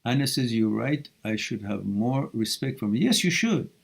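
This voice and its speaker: A man hosting a live question-and-answer stream, reading viewer questions aloud and answering them with blunt, animated tough-love advice. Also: medium pitch, normal speed, gravelly. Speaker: live Q&A host giving relationship advice.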